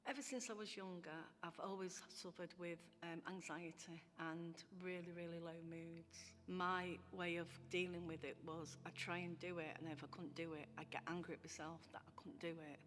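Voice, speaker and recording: A woman's voice: lowish voice, fairly even intonation, normal speed, few pauses, a bit bright, a little hiss or hum. A woman giving a heartfelt filmed testimony as a former client, often repeating phrases for emphasis.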